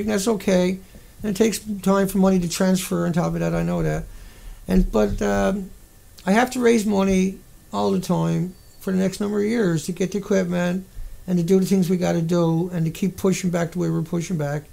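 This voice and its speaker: A man's voice: high voice, fairly even intonation, fairly quick, gravelly, a little mellow. A man hosting a livestream, ranting in an indignant, profane, rambling way. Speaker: livestream host. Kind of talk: angry livestream rant.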